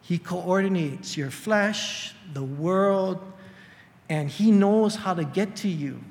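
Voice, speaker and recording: Animated older preacher in a reverberant hall. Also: male voice, slow pace. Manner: animated, acts out quoted voices in a high strained pitch. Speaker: pastor. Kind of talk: sermon.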